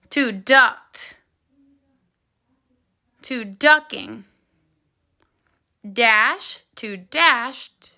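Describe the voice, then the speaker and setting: A woman teaching first graders on video, with a high, very bright voice. She speaks slowly and clearly and keeps encouraging the children as she goes. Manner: slow, clear, encouraging classroom delivery. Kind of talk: video phonics lesson for children.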